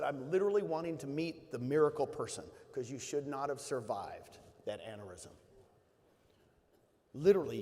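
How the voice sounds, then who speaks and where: A motivational speaker gives an emotional talk to an audience, telling stories and building toward emphatic bursts. His voice is on the high side and a little mellow, with long hall reverb.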